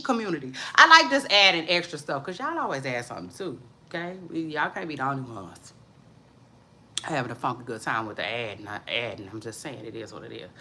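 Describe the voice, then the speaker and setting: Lively gossip host, woman, bright voice with big pitch swings, drawling livestream chatter. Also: slight background noise. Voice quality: drawling, repeats catchphrases, calls listeners child. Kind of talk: casual celebrity gossip chat.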